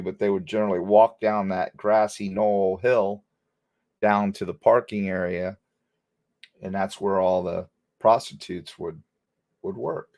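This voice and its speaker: A middle-aged man, a former police officer, telling a story casually and talking straight to his viewers. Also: fairly low pitch. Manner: animated anecdote-telling, addresses viewers directly.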